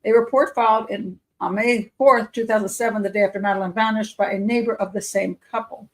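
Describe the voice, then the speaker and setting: Profiler host, woman, with a creaky voice and a middling pitch, reading reports with doubtful running commentary. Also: fairly even intonation, fairly quick, rough recording. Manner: skeptical, muttering asides and self-corrections. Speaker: criminal profiler hosting a live show.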